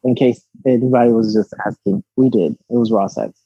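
Husky, giggly young man. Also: medium pitch, fairly even intonation, dark tone, no room sound, highs cut off. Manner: giggly, frank, halting with many restarts. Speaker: interview guest. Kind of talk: candid casual interview.

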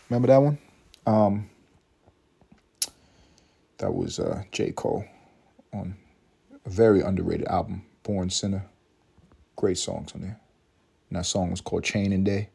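A man's voice: low-pitched, measured pace, vocal fry, pauses often, warm tone, husky. A man hosting a casual solo podcast, rambling and swearing freely, mocking himself and breaking into laughter. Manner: rambling, profane, self-mocking with bursts of laughter. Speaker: podcast host.

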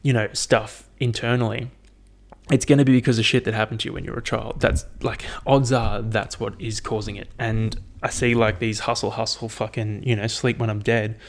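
A man's voice: lowish voice, little pitch movement, moderate pace. A young man hosting a casual solo podcast, rambling and swearing with lots of fillers. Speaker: podcast host.

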